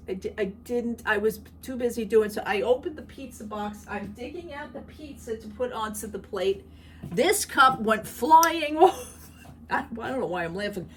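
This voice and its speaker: A middle-aged woman vlogger chats casually, rambling and talkative, laughing at her own stories. Her voice is medium-pitched and fairly bright, with slight background noise.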